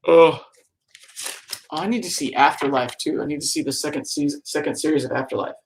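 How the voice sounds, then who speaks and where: A man's voice: fairly high pitch, fairly quick, a little hiss or hum. A man co-hosting a casual live-stream chat, playful and rambling. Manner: chatty and playful, rambling and humming to himself. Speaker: podcast co-host.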